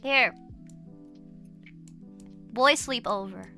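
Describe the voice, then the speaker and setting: A woman streamer chatting casually and loudly, laughing often, swearing freely and apologizing over and over. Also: on the high side, animated, measured pace, long pauses, loud music behind the voice. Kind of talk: casual livestream chat.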